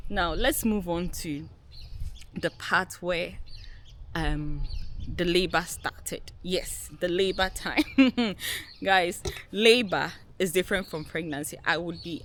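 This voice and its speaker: A young woman vlogger telling a personal story to her viewers in a casual, animated way, laughing often and acting out what people said. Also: fairly low pitch, takes it slowly, a little hiss or hum. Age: young adult. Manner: animated, laughing, acts out quotes.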